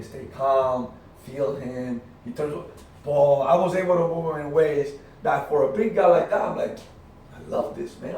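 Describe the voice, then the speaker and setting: A middle-aged man giving an energetic, emphatic motivational talk to his team, telling stories with punchy repetitions. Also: a little high. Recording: very echoey room, far from the mic, faint noise.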